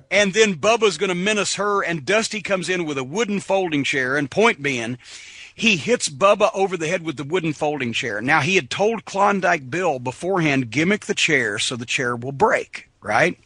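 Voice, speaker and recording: A middle-aged man with a high, bright, forceful voice tells salty road stories as a podcast guest. He jumps into the voices of the people in his tales, close to the mic in a dry studio with no room sound. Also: normal speed, husky, no echo. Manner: animated, profane, acts out voices in his stories. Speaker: guest, former pro wrestler. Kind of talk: casual storytelling.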